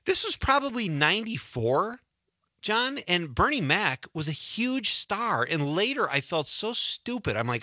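A man's voice: high-pitched, very animated, a little slow, sharp tone, dry recording, studio quality. A man hosting a talk show, reading an ad and chatting with a guest in an upbeat, anecdotal way. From Chicago. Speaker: radio show host. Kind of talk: casual interview.

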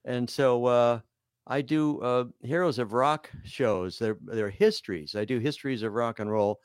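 A man's voice: medium pitch, measured pace, clean tone, no room sound, studio quality. Older man, self-deprecating guest. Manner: self-deprecating, rambling with many fillers. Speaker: guest comedian and musician. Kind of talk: casual interview chat.

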